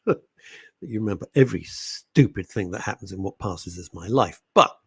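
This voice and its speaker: A man's voice: on the low side, normal speed, creaky, husky, no room sound. A middle-aged man, hosting a radio show in casual, rambling chat. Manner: animated, rambling, puts on quoted voices. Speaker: radio host.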